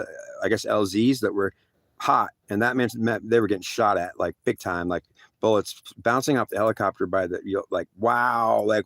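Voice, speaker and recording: A man's voice: on the low side, dry recording. A man telling a rambling first-person story with slangy asides, acting out the dialogue in a raised voice. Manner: acts out quoted dialogue in a raised voice.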